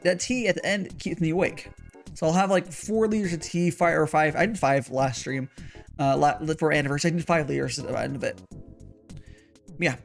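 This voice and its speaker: A man's voice: a little high, gravelly. A young man chatting casually on a livestream while making tea, rambling with lots of restarts and repeated words. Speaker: streamer.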